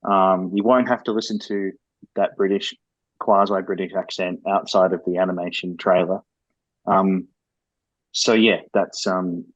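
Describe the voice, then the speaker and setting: A low-voiced man speaks as a game developer guest on a podcast and candidly explains his work at length. His voice is dry and close, and the audio sounds dull and lo-fi. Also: no echo. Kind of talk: podcast interview.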